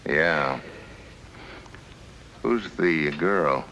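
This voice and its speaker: An actor playing a tough American special agent in a 1950s radio drama, terse and wisecracking. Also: male voice, a bass voice, extremely slow, pushed and bright, slight background noise, heavily acted, poor audio. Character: American special agent, man, middle-aged, tough and wry.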